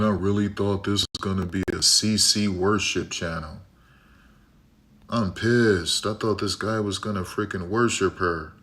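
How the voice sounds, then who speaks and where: A man's voice: lowish voice, a bit bright. A man putting on a sulky, disappointed viewer in a muttered, mocking voice. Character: disappointed viewer, adult, sulking and sour.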